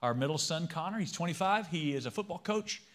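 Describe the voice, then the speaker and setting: A man's voice: on the high side, lively intonation, a little fast, a bit bright. Conversational male pastor in his fifties. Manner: conversational, polls the congregation with questions. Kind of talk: sermon.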